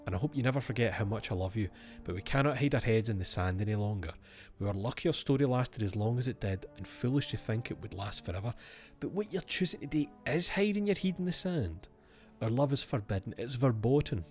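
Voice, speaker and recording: A man's voice: on the low side, a little mellow. A man streaming a game, reading its letters aloud and breaking off for wry asides to himself.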